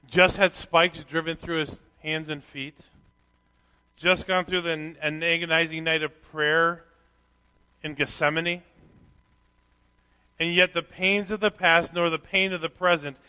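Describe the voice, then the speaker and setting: A man preaching a sermon, reading scripture aloud and swinging from quiet reflection to loud, animated emphasis. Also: fairly high pitch, measured pace, long pauses, smooth. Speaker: pastor. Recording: long hall reverb.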